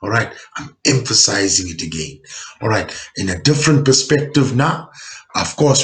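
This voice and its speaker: A man's voice: fairly low pitch, lively intonation, moderate pace. A South African man teaching a geography lesson, who explains step by step, repeats points for emphasis and keeps checking that his learners follow. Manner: explains step by step, with frequent tag questions to check understanding. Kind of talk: recorded classroom lesson.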